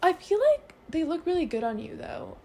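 A woman's voice: very high-pitched, very animated, moderate pace, creaky, warm tone. A teenage girl in casual chat with a friend, talking in an upbeat, chatty way full of fillers. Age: teens. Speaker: co-host.

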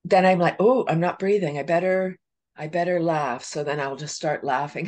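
A woman with a Canadian accent, a laughter coach chatting as a guest, animated and laughing often as she acts out little voices. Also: on the low side, moderate pace. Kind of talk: casual podcast interview.

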